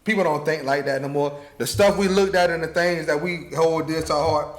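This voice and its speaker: Easygoing man with a fairly high voice. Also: fairly even intonation, brisk. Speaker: podcast co-host. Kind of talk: casual group chat.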